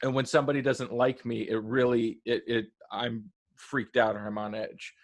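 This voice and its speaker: A man co-hosting a casual review chat, talking in a rambling, halting way with lots of fillers and lively quoted asides. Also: mid-range voice. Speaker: podcast co-host reviewing a TV episode.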